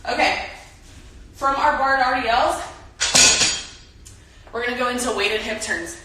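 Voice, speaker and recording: A woman's voice: a little high, a little slow, recorded from a distance, very noisy. A young woman casually leading a home workout, chatty and coaching as she exercises. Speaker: softball player leading a workout. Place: home room. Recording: echoey room, mic from afar.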